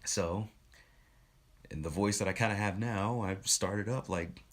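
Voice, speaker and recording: A young man streaming, telling a casual story in an animated way and slipping into funny voices when he quotes people. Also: lowish voice, a little slow, pauses often.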